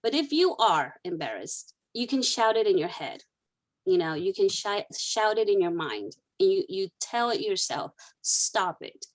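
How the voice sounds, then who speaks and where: A woman's voice: mid-range voice, sing-song, moderate pace. Woman counselor coaching a client. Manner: coaching, repeats key phrases. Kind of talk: counseling session role-play.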